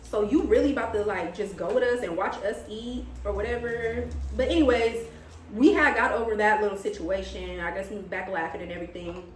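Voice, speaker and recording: A young woman vlogger telling a story in casual chat, animated and dramatic, quoting what people said. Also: mid-range voice, brisk. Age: young adult. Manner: animated, dramatic retelling with gasps and quoted lines. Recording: echoey room, mic at a distance.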